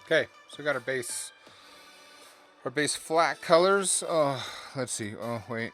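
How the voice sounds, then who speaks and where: A man's voice: mid-range voice, animated, a little slow, fairly bright tone, faint music behind. A man casually talking through his digital coloring on a live stream, tired and rambling, often correcting himself. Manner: rambling, self-correcting, chatty. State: tired, yawning. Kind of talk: casual live-stream commentary while drawing.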